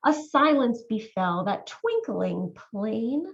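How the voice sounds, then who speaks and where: A woman reads a children's picture book aloud in an animated voice and keeps asking the young listeners what they think. Her voice is high and swoops widely as she reads slowly. The audio sounds dull and lo-fi. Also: gravelly. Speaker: volunteer reader.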